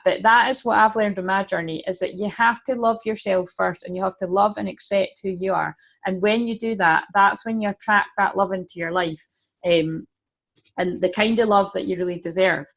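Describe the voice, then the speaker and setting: A woman's voice: medium pitch, fairly bright tone. A woman giving a casual tarot reading, chatty, swearing freely and laughing often. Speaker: tarot reader.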